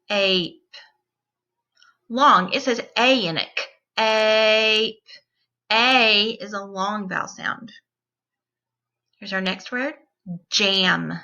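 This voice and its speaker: A woman teacher leading young children through a phonics lesson, sounding out each word slowly and deliberately. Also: mid-range voice, sharp tone, highs cut off.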